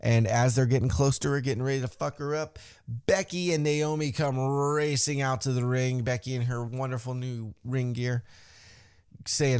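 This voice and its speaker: A man's voice: mid-range voice, normal speed, clear, resonant tone, dry recording, clean studio sound. Casual, profane man recapping wrestling. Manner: animated, profane, acts out wrestlers' lines. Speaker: podcast host.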